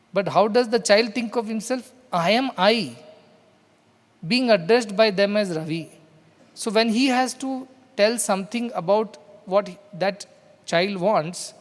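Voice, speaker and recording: A man from India, a spiritual teacher, giving an explanatory discourse and acting out what a child says. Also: high-pitched. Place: large hall. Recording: hall reverb.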